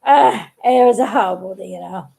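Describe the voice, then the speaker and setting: A woman's voice: medium pitch, a little fast, creaky, warm tone, faint music behind. A middle-aged woman chatting to her viewers in a rambling personal story, giggling often and restarting her sentences. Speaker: vlogger.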